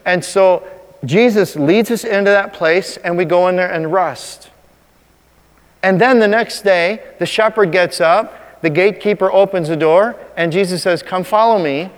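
A man preaching a sermon as a pastor, talking conversationally and slowing down to stress key points. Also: high voice, long reverb tail. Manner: conversational preaching, slows for emphasis.

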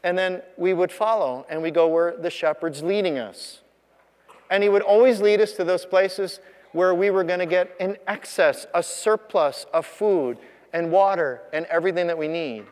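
A man's voice: sits high, moderate pace, darkish tone, in a large hall. A man preaching a sermon as pastor, conversational and emphatic, asking the congregation rhetorical questions.

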